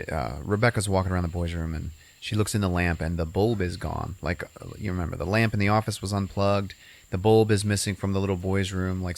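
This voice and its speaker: A man with a very low voice recaps a film in a loose, rambling way. He fills the story with "uh" and "you know" as he goes. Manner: rambling, full of fillers. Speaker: podcast host. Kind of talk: casual movie recap.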